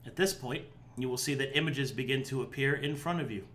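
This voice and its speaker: A man's voice: mid-range voice, a little fast, fairly bright tone. A man narrating a tabletop game as game master, explaining scenes and guiding players.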